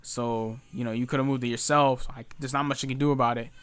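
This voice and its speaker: A young man telling a story about a rude customer at work. He sounds exasperated, talks in a quick stream full of fillers, and puts on the customer's voice now and then. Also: medium pitch, fairly even intonation, a bit bright, clean tone, no echo. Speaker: retail worker telling a story. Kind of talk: storytime rant.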